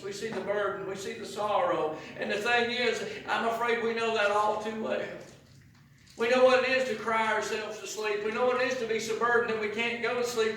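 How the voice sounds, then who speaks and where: A man preaching a sermon as pastor, rising to impassioned shouts and dropping low again. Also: a little hiss or hum. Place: church sanctuary. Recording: echoey church from far off.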